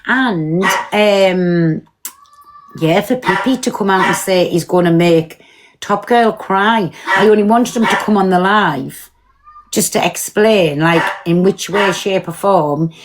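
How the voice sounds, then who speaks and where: Streaming live from home, a woman with a medium-pitched voice chats casually and bluntly, swearing freely and talking back to her viewers' comments. There is slight background noise.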